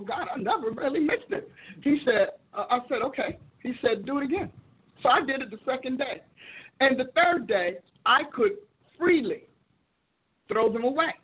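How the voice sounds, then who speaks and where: A woman's voice: a little high, breathy edge. A woman preacher hosting her show, telling a personal testimony as teaching, acting out quoted dialogue and repeating phrases for emphasis. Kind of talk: testimony-driven teaching talk. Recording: tinny phone-like audio.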